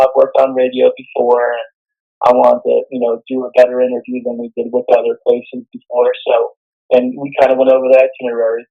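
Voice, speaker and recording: A man's voice: mid-range voice, creaky, narrow, tinny audio. A man, a guest musician, chatting in an interview in a rambling way, with many fillers and repeated words. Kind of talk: casual interview chat.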